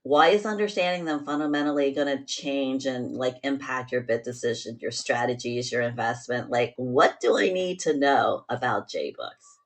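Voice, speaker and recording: A woman's voice: very deep voice, moderate pace, hardly any pauses. A woman hosting a podcast, talking bluntly and with exasperated asides in casual chat. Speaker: podcast host.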